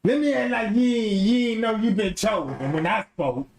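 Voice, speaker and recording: High-voiced man ranting in an echoey room. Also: moderate pace, slight background noise. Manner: animated, slips into mocking impressions. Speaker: livestream host. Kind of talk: casual livestream rant.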